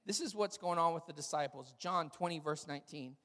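A man, a pastor, preaching a sermon with humorous, animated storytelling. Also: fairly high pitch, fairly quick, big-room sound.

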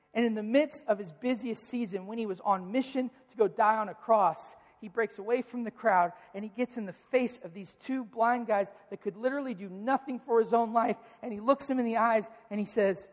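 A man with a high voice preaches a sermon from the pulpit. He climbs louder to hammer his points, then drops to soft, quiet questions. His voice rings with a long hall reverb. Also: fairly quick, few pauses. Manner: rises in pitch and volume for emphasis, drops to quiet asides. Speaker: pastor.

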